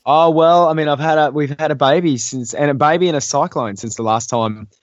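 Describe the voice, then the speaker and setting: A man's voice: a little high, fairly quick, no echo, highs cut off. A man chatting as a podcast guest, talking in a friendly way with stumbling restarts. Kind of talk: remote podcast interview.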